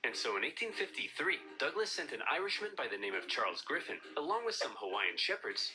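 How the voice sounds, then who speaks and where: A man narrating comedic history with a wry, theatrical delivery. His voice swings wildly between high and low, and lively music plays underneath. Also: fast talker, hardly any pauses, low-quality recording.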